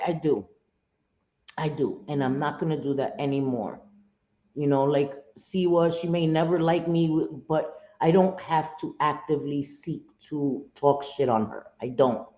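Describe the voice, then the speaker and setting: A woman hosts a live stream in a low, mellow voice, chatting casually and bluntly with her viewers. She swears freely and repeats herself to drive points home. The sound is roomy and a little dull. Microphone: home streaming setup.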